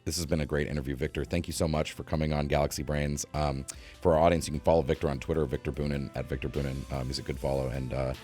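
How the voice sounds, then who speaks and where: A man with a very low, deep voice hosts a podcast and talks quickly. Faint music plays underneath as he wraps up. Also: level tone, dark tone. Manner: brisk, with short acknowledgments. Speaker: podcast host. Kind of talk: interview hosting.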